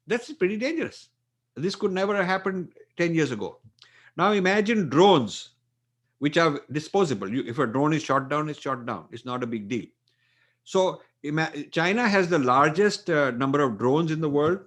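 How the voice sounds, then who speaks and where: A man's voice: a little high, animated, moderate pace, a bit bright. An older man with an Indian English accent, an author answering interview questions emphatically, often repeating phrases and using fillers. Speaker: author and guest.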